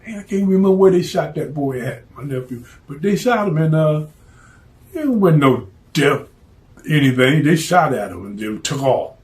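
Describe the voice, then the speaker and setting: A blunt, streetwise man recounting a story in plain, profane talk. His voice sits a touch higher than most men's, and he keeps it casual and direct. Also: animated, normal speed, a little mellow.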